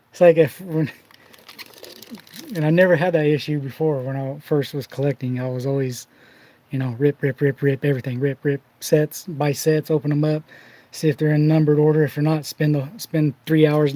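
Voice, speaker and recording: Mellow-voiced man telling rambling stories. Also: on the high side, flat delivery, normal speed, rough recording. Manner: rambling anecdotal storytelling with restarts. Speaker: card collecting channel host. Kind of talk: casual behind-the-scenes chat.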